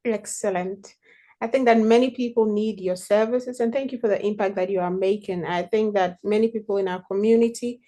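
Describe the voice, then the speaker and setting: A woman hosting an interview, encouraging and measured as she asks her guest to reflect. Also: medium pitch, dark tone. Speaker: interview host. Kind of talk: interview questions.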